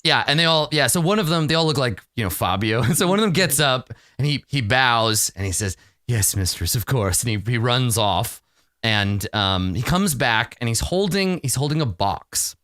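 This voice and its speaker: A man narrating a tabletop game as game master, animated and giggly in his storytelling. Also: mid-range voice, normal speed, no room sound, studio quality.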